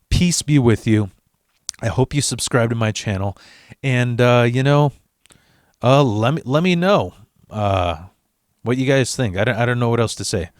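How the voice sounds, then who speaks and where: A man tells a long comic story on his channel, rambling and swearing constantly. His voice sits at an average pitch. The sound is dry and close, with no room echo. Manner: profane, rambling, restarts. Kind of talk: comedic storytelling vlog.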